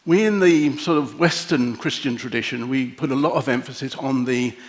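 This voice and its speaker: A middle-aged man preaching a sermon and leading a prayer, gentle and reflective with long pauses. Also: medium pitch. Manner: emotional, easily moved.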